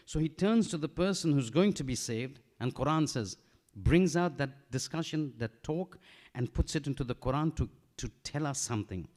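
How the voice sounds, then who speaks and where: Animated man preaching. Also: on the high side, moderate pace. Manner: animated storytelling, acting out dialogue, mixing in Urdu phrases. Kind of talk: sermon.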